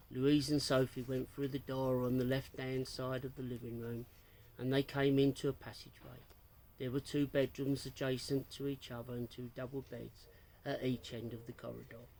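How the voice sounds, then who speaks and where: A man reading a story aloud in a steady, plain narrating voice. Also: mid-range voice, vocal fry, slight background noise, low-quality recording.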